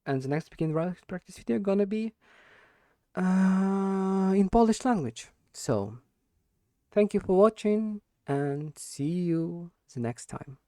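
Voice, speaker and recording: A man practicing spoken English in an unscripted monologue, talking slowly and hesitantly, repeating and restarting words as he searches for them. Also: high-pitched, expressive, dark tone, no room sound, clean studio sound. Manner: deliberately slow with stressed words. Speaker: English learner recording speaking practice.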